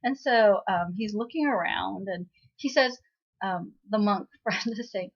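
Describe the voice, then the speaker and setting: A woman's voice: medium pitch, measured pace, lo-fi sound. A woman vlogger casually retelling a drama episode, chatty and laughing, with many "um"s and "right?"s. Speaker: recap vlogger.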